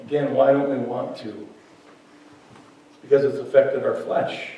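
A man's voice: mid-range voice, little pitch movement, slow, mellow. A male pastor preaching a sermon in a conversational way, joking with his congregation in a church hall. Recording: very echoey hall, mic far off.

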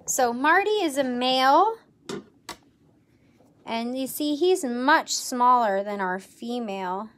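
A woman educator presenting tarantulas in a live stream, enthusiastic and gentle, cooing at the animals. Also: sits high, animated, slow pace, long pauses, slight background noise. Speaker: insect zoo educator. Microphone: livestream camera mic.

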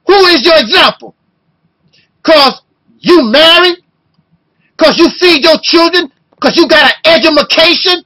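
A man in his fifties delivering an impassioned video rant, talking loud and emotional and firing off rhetorical questions. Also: very high-pitched, measured pace, long pauses, rough recording. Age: 50s. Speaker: video blogger.

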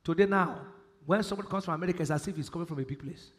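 A man with a Nigerian English accent preaching a sermon, quoting scripture and bursting into shouted emphasis. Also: on the high side, racing. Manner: preaching with sudden shouted emphasis and Bible quotes. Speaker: pastor. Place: large church hall. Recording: live church hall with long reverb.

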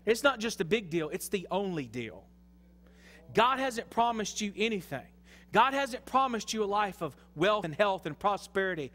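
High, bright-voiced Southern preacher shouting. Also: male voice, very animated, moderate pace, in a large hall. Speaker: pastor. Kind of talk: fiery sermon. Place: church sanctuary.

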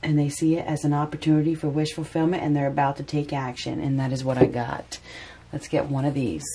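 A woman's voice: deep voice, level tone, fairly quick, mellow, slightly rough. A woman giving a casual spoken tarot reading, chatty and repeating phrases for emphasis. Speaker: tarot reader.

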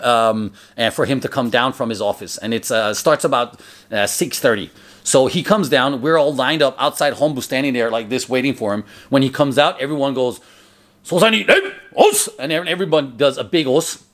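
Chatty man telling a story loosely. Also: medium pitch. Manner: chatty, loose, filler-heavy, with loud acted shouts in quotes. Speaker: memoir narrator. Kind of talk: casual spoken storytelling.

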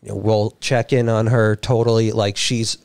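A man co-hosting a casual livestream chat, telling stories with animated quoted lines. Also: fairly low pitch, moderate pace, smooth, no echo. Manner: animated storyteller, acts out quotes. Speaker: co-host.

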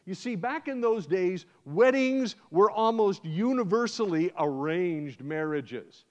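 An American man with a high voice gives a sermon as a guest preacher, acting out scenes as a storyteller. His voice comes through dull and lo-fi. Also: takes it slowly. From United States. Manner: animated, acts out scenes in first person. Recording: dull lo-fi sound.

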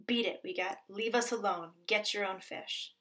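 A woman's voice: medium pitch, fairly even intonation, normal speed, fairly bright tone, lightly acted. Woman doing greedy frog spirits, rude, taunting, dismissive, storybook voice.

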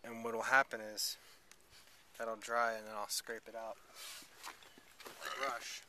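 A man's voice: mid-range voice, flat delivery, a little slow, noisy background. A man explaining camp chores in casual talk while out hiking on a mountain trail. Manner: explains steps as he goes. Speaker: hiker filming a trip. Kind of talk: casual outdoor chat.

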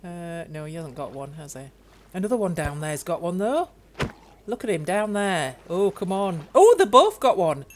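An older woman, chatting excitedly to herself as she plays a video game. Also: lowish voice, moderate pace, slight background noise. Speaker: gaming YouTuber. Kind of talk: game commentary.

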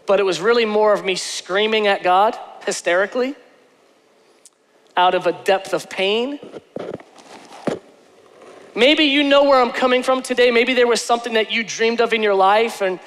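High-voiced pastor preaching in an echoey hall. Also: male voice. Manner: emphatic, repeats phrases, swings between soft and shouted. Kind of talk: sermon. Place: church stage before a congregation.

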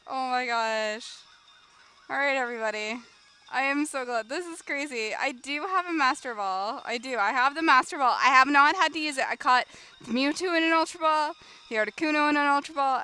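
High, bright-voiced excitable young woman. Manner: excitable, bursts into shrieks and shouting. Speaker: streamer. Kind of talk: live game stream commentary. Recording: background music under the voice.

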